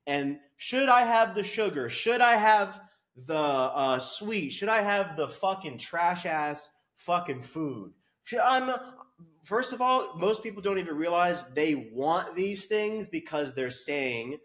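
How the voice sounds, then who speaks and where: Brief: crude, loud-mouthed male fitness coach, high voice, big swings, comedic rant. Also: lively intonation, unhurried. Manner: brash, crude, swearing, mocking. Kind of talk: profane comedic rant to camera.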